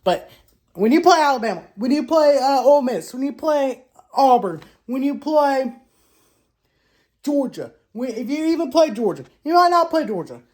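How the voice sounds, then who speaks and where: A woman hosting a casual sports commentary vlog. She trash-talks in an animated way, with loud exclamations, rhetorical questions and frequent restarts. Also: high voice, moderate pace. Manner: frequent restarts and self-corrections. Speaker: sports show host.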